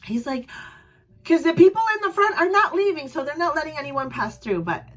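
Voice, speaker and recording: A young woman vlogger casually telling a story to camera, animated and acting out voices, her voice a little strained. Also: a little fast. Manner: animated, acts out voices with loud high yells. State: voice slightly strained.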